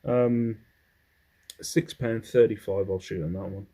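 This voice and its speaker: A man's voice: lowish voice, fairly even intonation, a little slow, warm tone, rough recording. An English man in a casual haul vlog, rambling as he goes through his finds and humming to himself between items. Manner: rambling, hums while sorting items. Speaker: clothing reseller.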